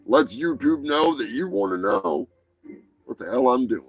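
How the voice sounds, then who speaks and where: A man's voice: medium pitch, animated, unhurried, soft background music, rough recording. A man hosting a live show, reading odd news stories in a crude, profane, mocking way. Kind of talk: crude comedic news chat.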